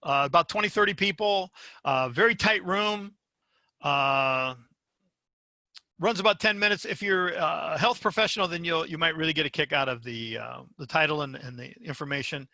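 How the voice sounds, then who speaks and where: A man's voice: fairly high pitch, normal speed, sharp tone, no echo. A man teaching as a university faculty member in a webinar lecture, speaking emphatically and often checking in with his listeners.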